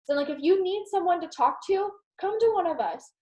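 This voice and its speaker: A young woman giving a casual, rambling motivational talk to her team on a video call, animated and full of "like". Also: very high-pitched, a little fast, lo-fi sound. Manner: animated, rambling, heavy use of "like". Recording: roomy echo.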